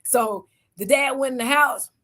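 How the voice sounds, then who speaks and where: A woman's voice: high-pitched, measured pace, fairly bright tone. A middle-aged woman giving a motivational talk as an event speaker, telling stories and acting out the voices of the people in them. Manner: storytelling, acting out quoted voices.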